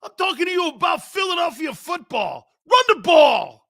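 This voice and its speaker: A man's voice: very high voice, sing-song, creaky, voice pushed up, exaggerated voice. A man doing a bellowing, furious football fan. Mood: angry shouting. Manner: shouting, slow and emphatic.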